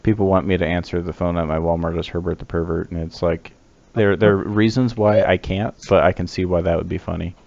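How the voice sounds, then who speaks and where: A man's voice: steady tone, fairly quick, creaky, a little mellow. A man co-hosting a casual gaming podcast, easygoing and chuckling. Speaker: podcast co-host. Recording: muffled low-fi audio.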